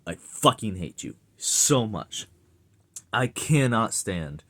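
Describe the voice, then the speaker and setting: A man's voice: deep voice, expressive, measured pace, a bit bright, slightly rough. A young man giving a casual, profane rant to his audience, exasperated and sarcastic. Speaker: vlogger ranting.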